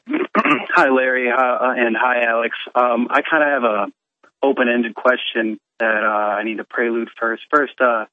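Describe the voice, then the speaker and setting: A man's voice: mid-range voice, fairly even intonation, unhurried, no room sound. A young man calling in to a radio show, rambling in a hesitant, long-winded way over the phone. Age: young adult. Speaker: caller. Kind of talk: call-in question. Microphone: telephone. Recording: dull phone line.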